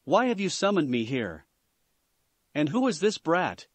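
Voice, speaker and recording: Man voicing Gamabunta, gruff giant toad boss. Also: on the high side, very animated, measured pace, dry recording. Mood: angry. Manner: loud, growling, bossy. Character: huge gruff male toad boss, hot-tempered.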